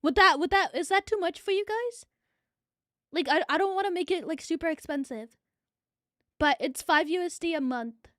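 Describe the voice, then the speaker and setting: A woman from New Zealand with a New Zealand accent, chatting excitably on a live stream, a bit out of breath and swearing freely. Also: very high-pitched, normal speed, no room sound, clean studio sound. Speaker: VTuber streamer.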